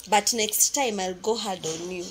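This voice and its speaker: A woman's voice: mid-range voice, a little slow, slight background noise. A Kenyan woman chatting playfully as a wife in a couple's vlog, wrapping up with her viewers. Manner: playful, exclamatory, mixes in Swahili. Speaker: vlogger, wife. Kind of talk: casual chat.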